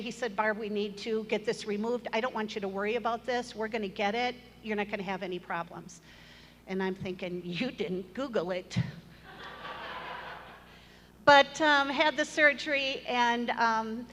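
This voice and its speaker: A woman's voice: a little high, a bit bright. A middle-aged woman giving a personal testimony in church, earnest and storytelling, with a touch of self-deprecating humor. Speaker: church member sharing her testimony. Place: church hall. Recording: long hall reverb, faint room noise.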